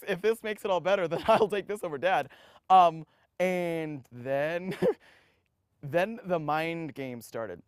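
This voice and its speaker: A young man in his twenties telling his life story in an interview, animated and full of restarts, acting out the voices of others. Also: high-pitched, unhurried, clean tone, no room sound, clean studio sound. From United States. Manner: animated, acts out quoted voices, frequent restarts.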